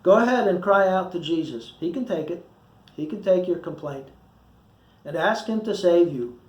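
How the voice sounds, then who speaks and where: A man's voice: sits high, animated, moderate pace, a little mellow, reverberant, lo-fi sound. A male pastor giving a short sermon, reading scripture with feeling and acting out the quoted voices. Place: church.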